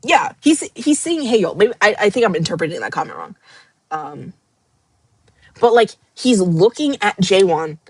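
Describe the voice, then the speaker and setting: A woman's voice: medium pitch, big pitch swings, normal speed, slightly rough, dry recording. A woman hosting a casual live book club stream, getting emotional, laughing and nearly crying as she rereads passages. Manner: emotional, laughing and near tears while rereading. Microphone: glasses-wearing streamer at her screen.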